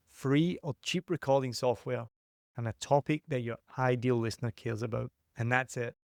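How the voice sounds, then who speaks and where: A man talks straight to his listeners in a solo advice podcast, punchy and emphatic, never hedging his opinions. His voice sits at an ordinary middle pitch. The sound is dry, with no room echo. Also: fairly even intonation, normal speed, gravelly. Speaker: podcast host and consultant.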